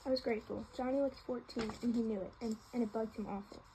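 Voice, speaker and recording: Woman, reading a novel aloud, casual, fairly high voice, mellow, faint background hiss. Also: steady tone, quick pace, rough recording. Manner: casual, with small slips and restarts. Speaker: reader.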